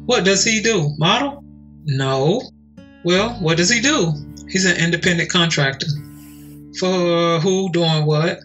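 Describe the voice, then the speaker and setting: Guy on a podcast reading a story out loud, kinda high bright voice, soft music under it. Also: poor audio.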